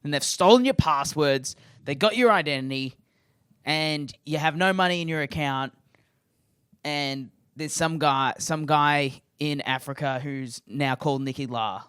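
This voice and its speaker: A man's voice: a little high, a little slow, a bit bright, smooth, dry recording, clean studio sound. A man co-hosting a comedy podcast, telling rambling, playful stories in casual chat. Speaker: podcast co-host.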